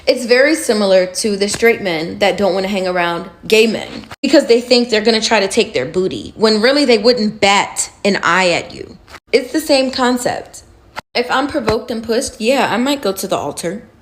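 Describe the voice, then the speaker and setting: A woman's voice: mid-range voice, lively intonation, moderate pace, a little hiss or hum. A woman speaking bluntly and defiantly to the camera about her spiritual practice. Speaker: self-described witch. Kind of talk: direct-to-camera commentary.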